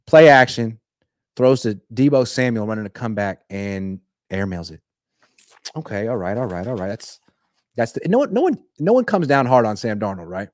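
A man giving casual, jokey sports commentary with quick, animated asides. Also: on the low side, dry recording, studio quality.

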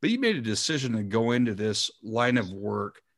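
Man, podcast host, lowish voice, rambling, restarts, dry recording. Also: sing-song, moderate pace, no room sound. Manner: rambling, restarts his sentences. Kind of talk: casual interview questions.

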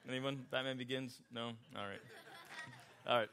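A man's voice: mid-range voice, fairly even intonation, moderate pace, pauses often, pushed and bright. A man preaching a sermon in a conversational, joking way, talking directly with his congregation. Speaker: pastor.

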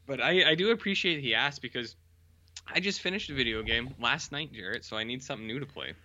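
A tired man co-hosting a casual podcast, his voice bright and lively, swinging up and down as he tells stories. The sound is dull and lo-fi. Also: medium pitch, fast talker. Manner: animated, tells anecdotes with quoted voices. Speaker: podcast co-host. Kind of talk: casual chat.

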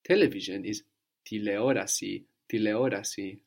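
A man's voice: on the low side, moderate pace, vocal fry. A man giving a patient one-to-one language lesson, prompting his student with questions and repeating the answers. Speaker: language teacher.

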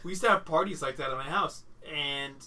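A man in his thirties telling a wild party story as a podcast co-host, animated and swearing as he talks. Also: fairly high pitch, fairly quick, recorded from a distance, a crowd in the background. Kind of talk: casual chat.

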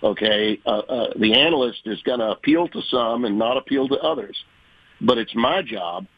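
Husky veteran sportscaster telling stories. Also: male voice, mid-range voice, moderate pace, no room sound, lo-fi sound. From Louisiana. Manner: folksy, animated storyteller, acts out quoted voices. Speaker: sports broadcaster guest. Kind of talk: conversational interview storytelling.

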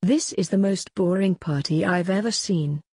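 A blunt, bored teenage girl apprentice, read by a woman. The voice is low and husky with a mellow tone, dry and close, spoken flatly as in a storybook reading. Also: normal speed, no room sound.

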